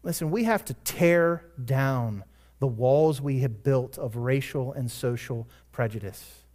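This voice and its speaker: Here a pastor preaches unhurriedly in a mid-range voice with a darkish tone. He mixes earnest, emphatic peaks with relaxed, conversational asides, and he often corrects himself mid-thought.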